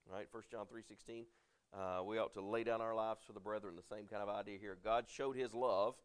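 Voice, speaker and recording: A man's voice: lowish voice, steady tone, clean tone. Man preaching a conversational sermon. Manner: conversational preaching, asks the audience questions, many fillers and restarts; reads scripture slowly and loudly. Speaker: pastor.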